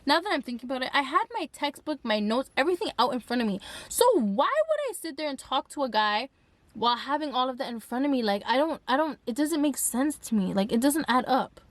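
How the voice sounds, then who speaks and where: A young woman recounts a story to her camera in an animated, dramatic storytime manner. Her voice sits a little high, and she peppers her talk with "like" as she goes. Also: fast, no echo. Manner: animated, dramatic retelling with frequent "like". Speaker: vlogger. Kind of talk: storytime vlog.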